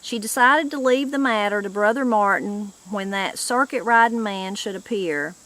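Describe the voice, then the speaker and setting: A woman hosting her channel, reading a novel aloud with measured storytelling. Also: mid-range voice, bright, forceful tone. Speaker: reader, channel host.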